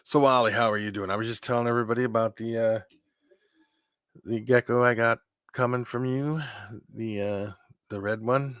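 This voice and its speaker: A man's voice: mid-range voice, fairly even intonation, moderate pace, pauses often, fairly bright tone, dry recording, studio quality. A man hosting a casual live-stream chat, rambling and talking to his viewers. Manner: rambling, keeps clearing his throat. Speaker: host of a live hangout stream.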